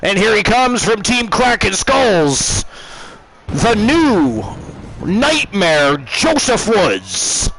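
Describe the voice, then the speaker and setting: A man's voice: sits high, sing-song, drawn-out words, a bit bright, a little hiss or hum, low-quality recording. A man with a Canadian accent hosting and commenting on a game stream, with theatrical mock outrage.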